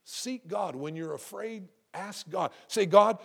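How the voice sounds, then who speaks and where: A middle-aged man preaching a sermon to his congregation, lively and conversational, asking rhetorical questions and often repeating words. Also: high-pitched, slow, vocal fry, husky. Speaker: pastor.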